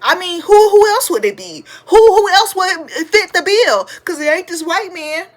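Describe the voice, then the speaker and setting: A woman in her twenties hosting a podcast, telling a funny story in a chatty, slangy way, sometimes breaking into loud shouted praise. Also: very high voice, lively intonation, moderate pace. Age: 20s. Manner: slangy, chatty, addresses listeners as y'all. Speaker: podcast host. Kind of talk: casual storytelling to listeners.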